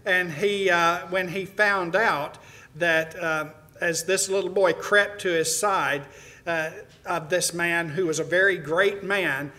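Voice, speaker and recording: A man's voice: high-pitched, pushed and bright. A middle-aged man preaching to his congregation, telling a story in a folksy way with many "uh"s and restarts. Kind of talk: sermon to a congregation.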